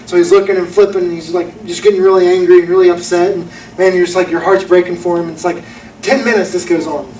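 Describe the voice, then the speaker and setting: A man's voice: high-pitched, fairly even intonation, fast talker, a little mellow, a little hiss or hum. A young man preaching a sermon, telling a story in an earnest, folksy way. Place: church auditorium. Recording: echoey room from a distance.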